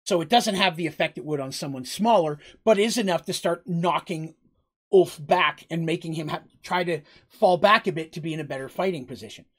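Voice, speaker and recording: Brief: tabletop game master, mid-pitch voice, vivid play-by-play of a fight, restarts phrases as he goes. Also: a little fast, a bit bright. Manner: vivid, blow-by-blow combat storytelling with frequent restarts. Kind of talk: improvised narration of a tabletop game.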